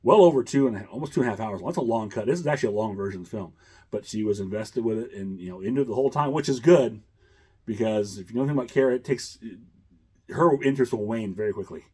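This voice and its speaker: Low husky man, rambling chatty host. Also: quick pace, mellow. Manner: rambling, chuckling, many fillers. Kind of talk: casual chat.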